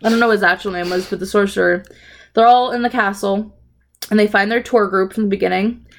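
A young woman chats loosely about a show, stringing the story together with "like" and "um". Her voice sits at an ordinary middle pitch. She sounds offhand and profane. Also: steady tone, quick pace. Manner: rambling, profane storytelling with frequent fillers. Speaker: podcast co-host recapping a TV episode. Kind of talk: casual chat.

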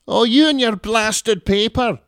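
A man voicing a rude, grating, round Scottish mother with a yapping, shrill way of talking. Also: a little slow, a bit bright, clean tone, dry recording, clean studio sound. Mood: snapping. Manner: shrill and snappish.

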